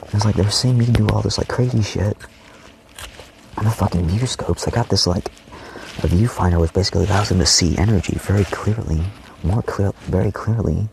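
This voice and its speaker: A low, gravelly male voice talking on and on in a loose personal monologue, heavy with swearing and restarts. He keeps slipping into hushed, breathy whispers. A faint hiss of noise sits under the recording. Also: fairly quick. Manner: profane, rambling, often dropping to a whisper. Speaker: vlogger.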